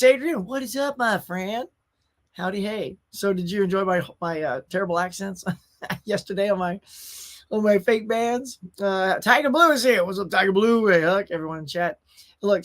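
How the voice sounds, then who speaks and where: A man's voice: high voice, fairly bright tone. A man hosting a casual pop culture livestream from a room at home, chatty and laid-back, greeting viewers by name. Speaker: host of a pop culture live show. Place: his own home collection room.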